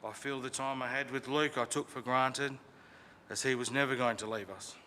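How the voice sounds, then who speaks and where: Man reading a bright eulogy. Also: mid-range voice, steady tone, moderate pace, a little hiss or hum. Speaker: funeral eulogy speaker. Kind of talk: prepared eulogy. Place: crematorium chapel. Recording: reverberant chapel, faint ambience.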